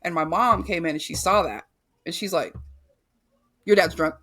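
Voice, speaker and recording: This woman in her thirties speaks a little fast in a low voice that's pushed and bright, with a breathy edge. Hosting a podcast, she shares her life story frankly, with free cursing, lots of fillers, and frequent restarts.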